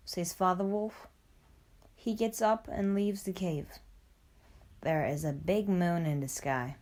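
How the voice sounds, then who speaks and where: A woman narrating a storybook for language learners, reading clearly and deliberately. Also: fairly low pitch, a little mellow. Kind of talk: graded-reader storybook narration.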